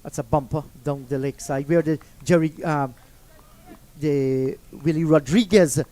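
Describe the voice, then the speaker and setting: A man commentating cricket and telling an anecdote in a relaxed way. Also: on the high side, a little slow.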